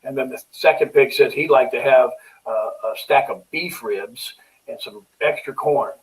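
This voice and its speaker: A middle-aged man talks his way through a webinar on finances in a relaxed, folksy manner, stumbling over ums and restarting sentences. He sits a little back from a camera mic, so his voice sounds slightly distant. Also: mid-range voice, moderate pace. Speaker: financial consultant. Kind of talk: webinar sales presentation.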